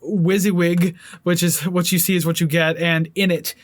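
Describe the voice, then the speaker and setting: A man's voice: sits high, level tone, normal speed. A man co-hosting a casual music review podcast, rambling and laughing often with frequent restarts. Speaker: podcast co-host.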